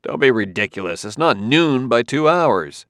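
A man's voice: medium pitch, very animated, moderate pace, fairly bright tone, no echo, clean studio sound. A man voicing a nervous but clipped male detective in an audiobook reading. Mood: tense, curt. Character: tense, agoraphobic male detective on edge.

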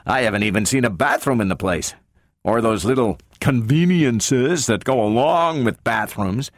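A man voicing an excitable male space engineer who complains sarcastically and often bursts into exclamations. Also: medium pitch, normal speed, no room sound, studio quality, lightly acted. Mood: sarcastic.

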